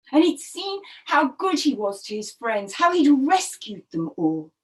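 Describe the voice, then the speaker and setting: A woman storyteller telling a story to young children, expressive and animated, asking them questions as she goes. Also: a little high.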